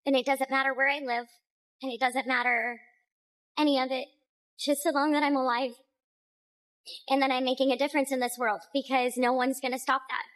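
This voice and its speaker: Hopeful woman with a high voice. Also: a little fast, long pauses, no echo, low-quality recording. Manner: calm, hopeful, reflective. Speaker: interviewee living under a bridge. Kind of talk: street interview.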